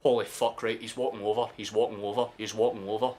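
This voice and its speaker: A young man commentating a football match live for his stream as a fan, sweary and excitable, erupting into shouts. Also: lowish voice, fast, husky.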